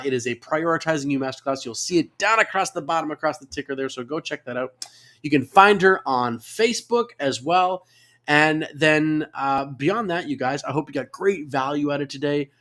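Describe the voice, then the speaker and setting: A man's voice: a little high, a bit bright. A man hosting a live online interview show, talking in an upbeat, effusive way. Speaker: host.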